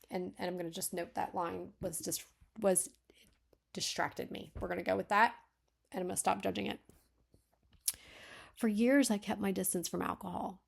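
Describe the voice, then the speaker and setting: Her gravelly, mid-range voice reads a manuscript out loud while she critiques it as a beta reader. She thinks aloud with many self-corrections, sometimes softening to a whisper.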